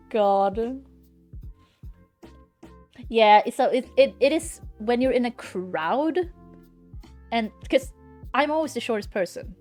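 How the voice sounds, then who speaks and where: A woman's voice: fairly high pitch, expressive, takes it slowly, long pauses, darkish tone, soft background music. Blunt, swearing woman streamer. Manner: blunt, ranting, swears freely. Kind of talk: casual live-stream chat.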